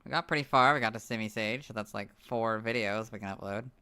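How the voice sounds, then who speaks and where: A young man who is losing his voice, muttering asides while editing on a livestream, then reading out stat entries loudly. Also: fairly low pitch, fast, clean tone. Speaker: video creator editing on a livestream. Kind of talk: casual livestream chat and reading out stats.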